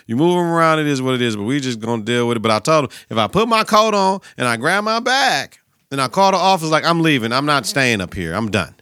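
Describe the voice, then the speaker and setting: A man's voice: on the high side, quick pace, clear, resonant tone, no room sound, studio quality. A young adult man hosting a casual solo sports podcast, cursing freely as he riffs in slang about games and his work as a teacher and coach. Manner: profane, slangy, animated riffing.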